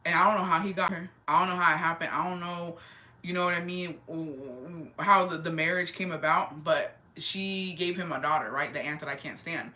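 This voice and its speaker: A woman in her twenties chatting casually on a livestream, slangy and animated, dropping Spanish words into her storytelling. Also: fairly low pitch, fairly quick. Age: 20s. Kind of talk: casual chat.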